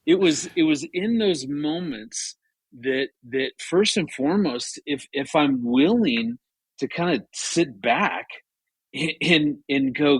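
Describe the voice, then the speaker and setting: A man's voice: fairly high pitch, slow, husky, no echo. A man in his fifties, a marriage author and guest, talks through a story in a casual radio conversation, earnest, with many restarts. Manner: earnest, many restarts, animated when retelling.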